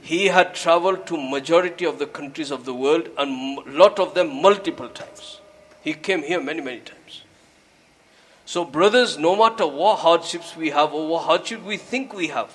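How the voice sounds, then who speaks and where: A man's voice: fairly high pitch, normal speed, breathy edge. Earnest man preaching a sermon. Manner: earnest, exhorting, grows louder when urging; mixes Urdu and Arabic religious words into English. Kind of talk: sermon with storytelling.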